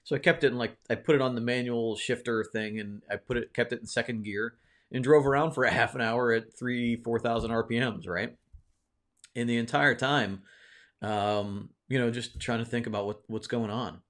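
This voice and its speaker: A man's voice: medium pitch, moderate pace, fairly bright tone. Rambling, reflective man telling a story. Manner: rambling, many fillers and restarts, asks "right?"; reflective, encouraging. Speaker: video host. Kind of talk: casual personal storytelling.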